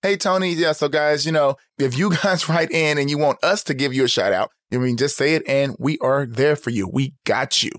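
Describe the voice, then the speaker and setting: A man co-hosting a podcast in a casual, animated, playful chat. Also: medium pitch, normal speed, hardly any pauses, no echo. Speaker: podcast co-host.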